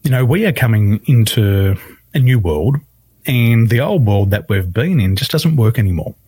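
A man, a life coach guest on a podcast interview, telling stories with lively emphasis and acting out the people he quotes. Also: mid-range voice, moderate pace, breathy edge, no echo. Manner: animated storyteller acting out quoted voices.

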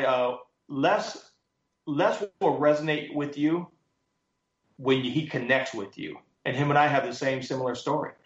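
Guy telling a story with lots of punch, echoey room, kinda muffled sound. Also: medium pitch. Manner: animated storyteller, quotes others with emphasis. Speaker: guest, motivational speaker. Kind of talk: storytelling interview answers.

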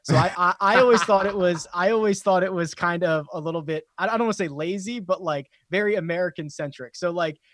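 A man's voice: high voice, fast, few pauses, noisy background. A man from Philadelphia, a golf podcast panelist, explaining his view in a wry, offhand way in a casual chat.

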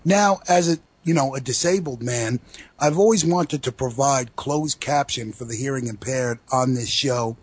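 A man with a thick Brooklyn accent, co-hosting a radio show and excitedly recapping wrestling. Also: mid-range voice, moderate pace, a little hiss or hum. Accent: New York, Brooklyn. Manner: excited recapping, animated storytelling. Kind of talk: casual wrestling talk.

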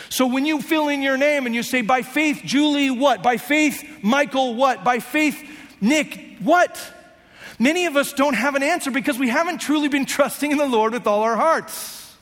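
A man's voice: very high-pitched, expressive, normal speed, fairly bright tone. A man preaching a sermon as pastor, talking conversationally and slipping into playful voiced asides. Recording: long hall reverb.

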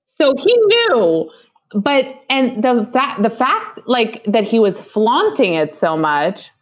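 A young woman co-hosting a casual gossip podcast, talking in an animated way with lots of fillers and quick mock impressions. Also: fairly high pitch, dull audio. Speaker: podcast co-host.

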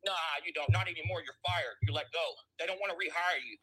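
Man, high voice, piercing tone, profane, threatening, repetitive taunts. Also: fast, bright, forceful tone, breathy edge, low-quality recording. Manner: profane, aggressive, rambling threats. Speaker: caller. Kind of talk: hostile phone rant.

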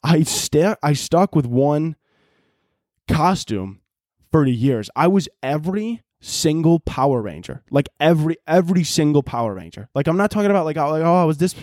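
A young man hosting a casual solo podcast, telling stories in a profane, laughing, animated way. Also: on the high side, normal speed, no echo, clean studio sound. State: out of breath. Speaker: podcast host.

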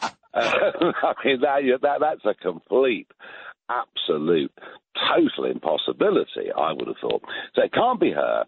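A man's voice: fairly low pitch, huge pitch swings, unhurried, vocal fry, slight background noise. A British man in his sixties, a guest commentator on a phone-in, talking emphatically and often restarting his words. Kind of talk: phone-in political chat. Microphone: telephone. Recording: tinny phone line.

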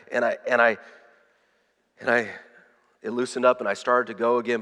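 A man preaching a sermon, telling a personal story with animated swings from loud to hushed and frequent repeated words. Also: mid-range voice, smooth. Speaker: pastor. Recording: long reverb of a large hall.

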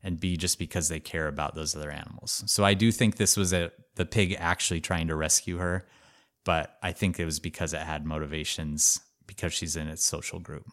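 A man co-hosting a podcast, telling a story in a casual, animated way with lots of "like" fillers. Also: very deep voice, fairly quick. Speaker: podcast co-host.

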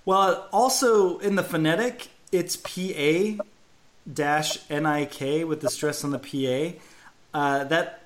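Chatty man with a higher voice. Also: slow, background noise. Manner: self-deprecating, chatty, spells out names. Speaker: podcast co-host. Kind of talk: casual sports chat.

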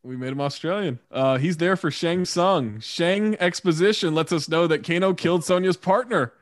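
A man hosts a casual movie chat, walking through the plot with wry asides. His voice is somewhat high, and the recording is dry, with no room sound. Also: moderate pace, dry recording. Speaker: podcast host.

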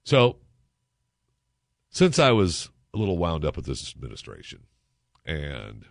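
A man with a deep, low-pitched voice hosts a talk radio monologue, swinging up and down in pitch as he riffs sarcastically. He rambles and restarts mid-thought. The sound is close and dry. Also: huge pitch swings, measured pace, vocal fry, dry recording. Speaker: radio talk show host.

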